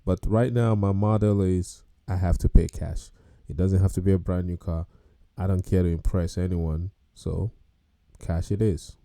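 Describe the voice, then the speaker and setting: A man's voice: low voice, steady tone, normal speed, dark tone, no room sound, studio quality. A man hosting a podcast, reacting to video clips about car payments with casual, incredulous commentary and laughter. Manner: incredulous, laughs and exclaims at prices.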